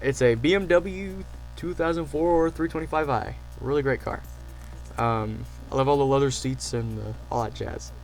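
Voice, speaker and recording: A man casually telling stories to camera, excitable and rambling, with lots of fillers and restarts. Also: medium pitch, moderate pace, soft background music, rough recording. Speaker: channel host.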